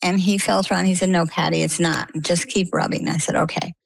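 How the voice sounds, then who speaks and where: A woman from Maine, an interview guest, telling a personal story with lively storytelling and acted-out dialogue. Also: lowish voice, brisk, creaky, slightly rough, rough recording. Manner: animated storytelling, acts out quoted dialogue.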